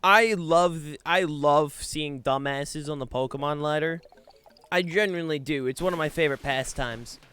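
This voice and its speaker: Young guy streaming games, brash, swears a lot, kinda high voice. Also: normal speed, a bit bright, clean tone, dry recording. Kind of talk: casual live gaming stream chat.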